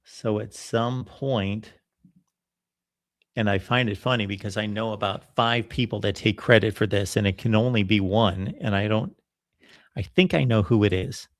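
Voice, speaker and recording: A man's voice: fairly low pitch, moderate pace. A man hosting a college football channel, talking in a casual, emphatic live-stream monologue and acting out what others said. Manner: animated, emphatic, quotes others in voices.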